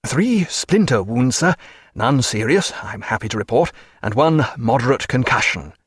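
A man voicing a calm ship's doctor who reports in a measured, unhurried way. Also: mid-range voice, slightly rough, dry recording.

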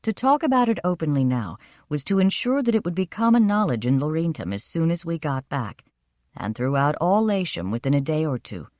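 A woman narrating a first-person story in a measured, expressive reading. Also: sits low, no echo, clean studio sound. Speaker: audiobook narrator.

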